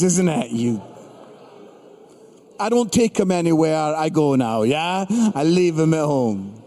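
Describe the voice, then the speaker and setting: A middle-aged man preaches to a crowd in a big hall, mixing jokes and stories into his sermon. His voice sits high and swings widely in pitch, and the room's long reverb trails after each line. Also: measured pace. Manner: animated, punchy, acts out voices in stories. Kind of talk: humorous sermon storytelling. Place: large hall with live audience.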